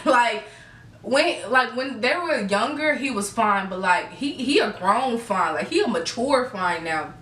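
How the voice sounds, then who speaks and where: A woman's voice: a little high, lively intonation, a little slow, bright, forceful tone. Giggly young woman. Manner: gushing, giggly, talks straight to viewers. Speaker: vlogger. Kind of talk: excited casual storytelling. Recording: echoey room, a bit far from the mic.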